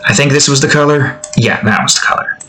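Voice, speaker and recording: A young man talks casually into a desk mic while drawing, his voice bright and forward. He rambles from one thought to the next, cracks silly jokes, and cuts himself off mid-sentence. Every so often he breaks into a few off-key lines of song before going back to chatting. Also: medium pitch, fast, a little hiss or hum, low-quality recording. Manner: rambling, joking, self-interrupting, sings snatches off-key. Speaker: art streamer.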